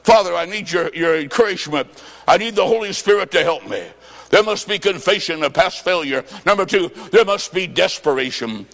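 A revival preacher with a high-pitched voice, telling his story with sudden swings between hushed lines and shouts. His voice rings out through a large church hall with a long reverb tail. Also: animated, fairly quick, creaky.

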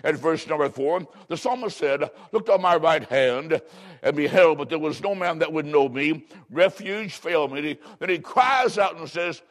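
A pastor from Illinois delivers a sermon in a somewhat high male voice. He reads scripture solemnly and draws out key words with slow, dramatic emphasis. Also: expressive.

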